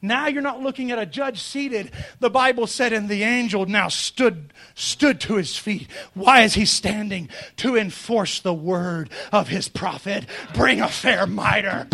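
A man preaching a fervent revival sermon, swinging from shouted climaxes down to low, quiet storytelling. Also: a little slow, gravelly, a faint crowd.

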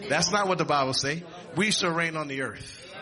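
A man preaching a sermon, reading scripture aloud with restarts and repeats, and rising to shouts and exclamations. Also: fairly high pitch, normal speed, crowd noise.

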